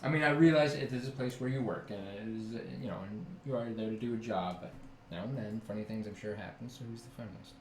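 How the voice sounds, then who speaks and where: A man hosting a casual interview, upbeat and quick with his questions. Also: fairly low pitch, slight background noise. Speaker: host. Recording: echoey room.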